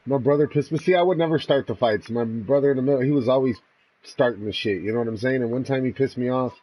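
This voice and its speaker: A laid-back man streams live while fishing outdoors, laughing and swearing casually as he tells stories and greets viewers. His voice is medium-pitched and mellow with a quick pace, and the recording quality is low.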